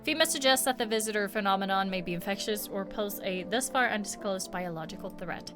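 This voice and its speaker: A woman reading a game's news broadcast as a formal, even announcer. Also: mid-range voice, brisk, lightly acted. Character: calm official radio announcer. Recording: game music behind.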